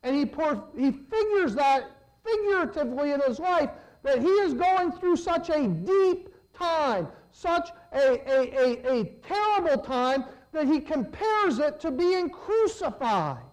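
A man preaching a sermon, swinging between loud emphatic lines and low, hushed ones. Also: expressive, measured pace, poor audio.

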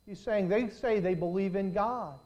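With the highs cut off in the recording, a high-pitched pastor preaches to his congregation, his voice rising and surging on key words, then falling to hushed asides. He addresses them head-on, stretching out and slowing phrases to stress them.

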